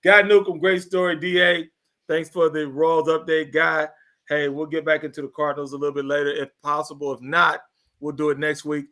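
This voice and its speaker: A man's voice: on the high side, level tone, brisk, sharp tone. A man with a Missouri accent hosting a casual sports talk show, joking and teasing his co-hosts.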